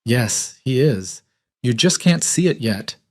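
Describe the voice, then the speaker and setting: A man's voice: mid-range voice, lively intonation, takes it slowly. A man voicing a protective young woman, upset with her best friend, pleading and accusing in a lifted voice.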